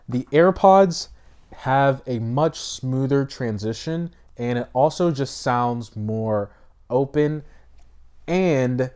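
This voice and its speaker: A man's voice: mid-range voice, darkish tone. A man reviewing tech products to camera in a chatty, loose way, with plenty of ums and likes.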